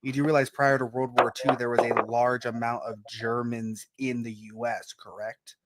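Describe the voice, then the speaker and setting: A man's voice: mid-range voice, little pitch movement, moderate pace, very noisy. A man in a livestream debate who keeps pressing with questions. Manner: questioning, persistent. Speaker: debate participant.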